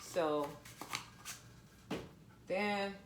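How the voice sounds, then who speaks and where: A woman's voice: medium pitch, very slow, roomy sound, noisy background. A woman casually talking viewers through a home cooking recipe, chatty and down-to-earth. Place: home kitchen.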